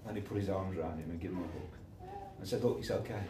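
Man, informal preacher, storyteller, acts out voices, low voice, echoey room. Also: steady tone, quick pace, distant mic, background noise. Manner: chatty, acts out the voices in his stories.

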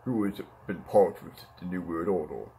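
A man voicing a gruff male wrestler in a toy-figure fan play, curt and dismissive, with a husky voice and a put-on odd accent. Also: low-pitched, normal speed, dark tone, slight background noise. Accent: put-on strange accent.

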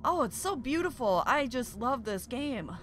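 A young woman hosting a game playthrough, commenting excitedly and often gasping "oh my gosh" at what she finds. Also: high voice. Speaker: gaming video host. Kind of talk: excited let's-play commentary.

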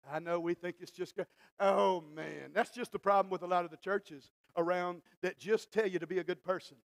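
High-voiced gravelly pastor with drawl. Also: male voice, steady tone, normal speed. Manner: swings from quiet asides to shouted exhortation; folksy, acts out Bible scenes in dialogue. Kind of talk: sermon. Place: church.

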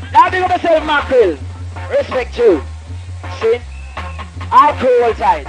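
A man's voice: extremely high pitch, very animated, unhurried, long pauses. A man with a Jamaican accent toasting live at a dancehall session, chanting rhymes in patois and talking to the sound man between verses. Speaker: dancehall deejay. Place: outdoor dance event. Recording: distant live mic with sound system music.

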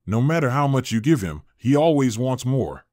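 A blunt, folksy companion who speaks his mind plainly, as a male narrator puts him on. Mid-pitched and dry, in a storybook reading. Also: very animated, moderate pace, a little mellow, dry recording, lightly acted. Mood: gruff.

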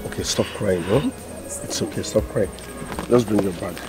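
An actor plays a kind Nigerian man who gently reassures a crying girl, his voice a little low. Film score music runs beneath. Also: moderate pace, lightly acted, rough recording. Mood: gentle. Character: gentle young man comforting a stranger. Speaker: kind son.

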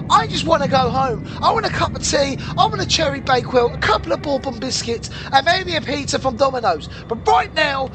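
High-voiced jumpy man gaming. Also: noisy background. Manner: jumpy, panicky, rambling to viewers. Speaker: gaming video host. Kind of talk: horror game let's play commentary. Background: game music.

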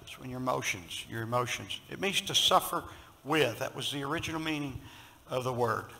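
Brisk and medium-pitched with vocal fry, a Southern-accented pastor delivers his sermon on a low-quality recording. He alternates loud emphasis with hushed storytelling and urges the congregation to respond.

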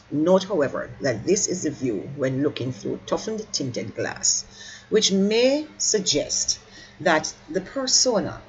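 Exam-prep teacher voice, middle pitch, methodical line-by-line talk with quick "sorry" corrections, over a faint background hiss. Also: rough recording. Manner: stops to correct slips, apologizing mid-sentence; urges listeners to keep up. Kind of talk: explaining a poem line by line.

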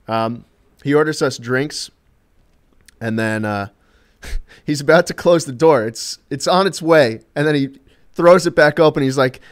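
A man's voice: on the high side, measured pace. A man telling loose, amused anecdotes during a live stream, rambling with fillers and casual swearing. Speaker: streamer and co-host.

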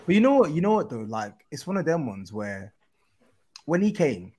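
A man's voice: a little high, big pitch swings, normal speed, warm tone, slight background noise. A man, a football podcast panelist talking earnestly and working himself up into exasperated points. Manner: earnest, building to exasperated rants. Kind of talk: casual chat.

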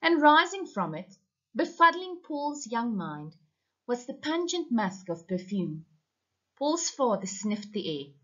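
A woman teacher reading a short story aloud for an online class, in a measured, expressive way. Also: on the high side. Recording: muffled lo-fi recording.

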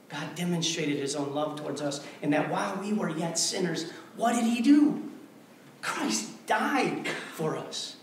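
A male pastor preaching a sermon, emphatic and repetitive, swinging between hushed passages and forceful declarations. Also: sits high, lively intonation, unhurried, vocal fry. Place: church sanctuary. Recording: very echoey church hall, mic far off.

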